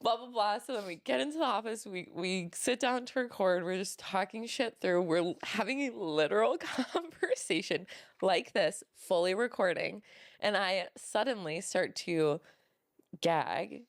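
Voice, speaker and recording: Young woman, congested and gravelly, chatty podcast co-host, dry close sound. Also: medium pitch, animated, unhurried, no room sound. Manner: chatty storyteller, swears casually. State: congested from a cold. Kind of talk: casual chat.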